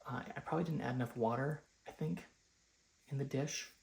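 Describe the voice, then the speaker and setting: A man's voice: medium pitch, brisk, gravelly, a little mellow, echoey room. A young man talking casually at home in a rambling vlog, full of fillers as he explains his room setup. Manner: rambling, chatty, filler-heavy. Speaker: vlogger. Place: home, rooms and stairs.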